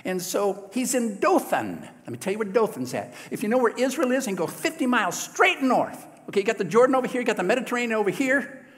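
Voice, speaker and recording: A male preacher telling a Bible story in a sermon, lively and folksy, often asking the congregation questions. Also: high voice, fast, big-room sound. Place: church sanctuary.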